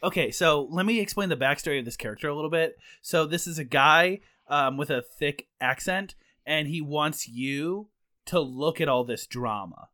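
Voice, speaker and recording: A man's voice: on the high side, normal speed, sharp tone. A man co-hosting a comedy podcast, talking in an eager, playful way. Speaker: podcast co-host.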